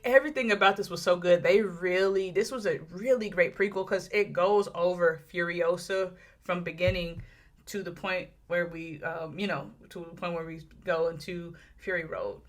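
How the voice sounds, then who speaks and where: Bright-voiced chatty woman reviewing movies. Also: lowish voice. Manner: enthusiastic, chatty, many fillers and restarts.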